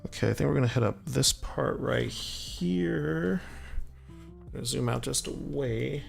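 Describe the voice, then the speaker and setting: A man casually chatting on a livestream while painting miniatures, quietly thinking aloud as he works. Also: mid-range voice, unhurried, gravelly. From Southern US (Alabama family). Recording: soft background music.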